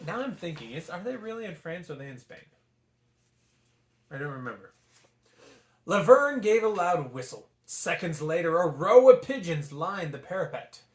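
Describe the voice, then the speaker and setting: A man hosting a casual read-aloud vlog, animated and jokey, in an echoey room. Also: on the high side, normal speed. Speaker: storybook reader.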